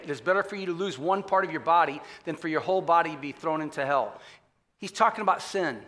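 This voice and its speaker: A man's voice: on the high side, expressive, fast, fairly bright tone. A man pastor giving a conversational sermon, often asking the congregation questions. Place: church auditorium.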